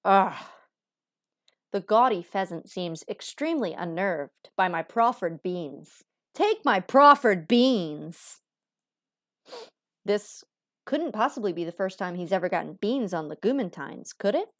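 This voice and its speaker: A woman streamer with a sore, strained voice, casually reading a game aloud with wry, deadpan asides. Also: mid-range voice, moderate pace. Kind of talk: casual game playthrough narration.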